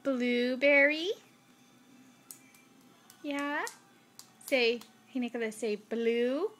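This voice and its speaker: A young mother filming at home, patiently coaxing her toddlers to repeat words in a slow, sing-song way. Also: sits high, soft background music. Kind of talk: home video, coaxing small children.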